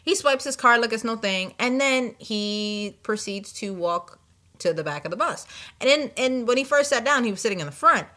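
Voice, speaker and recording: A young woman with a bright, clear voice tells a story from her day in an animated, exasperated way. She keeps slipping into the voices of the people she met. It is casual vlog storytelling. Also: fairly high pitch, normal speed. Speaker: vlogger.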